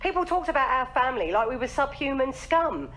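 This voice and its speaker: An actress playing an earnest, anxious middle-aged wife, speaking in a fretful, self-deprecating sitcom manner. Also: female voice, high voice, sing-song, a little fast, a bit bright. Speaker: wife and daughter. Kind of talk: sitcom acting.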